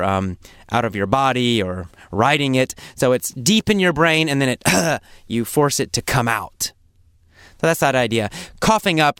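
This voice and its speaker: Male English teacher, patient and repetitive, clear smooth voice, dry close recording. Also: medium pitch, fairly bright tone, no room sound. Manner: slow, patient, repeats words and examples; acts out coughs and sample phrases. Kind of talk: explaining vocabulary in a lesson.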